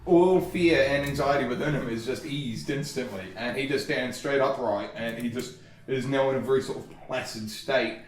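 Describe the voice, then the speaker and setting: A man's voice: mid-range voice, normal speed. A man narrating a tabletop game as game master, rambling and hesitant, with many fillers. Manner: rambling and hesitant, full of "sort of" and "like". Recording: roomy, from far off.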